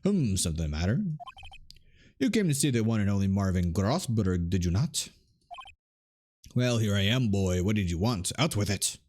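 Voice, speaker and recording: A man's voice: on the low side, very animated, normal speed, pauses often, a little mellow, a little hiss or hum. A man voicing a pompous, evasive older lawyer in a game, with a put-on Southern country drawl. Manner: pompous, drawling, stammering repetition.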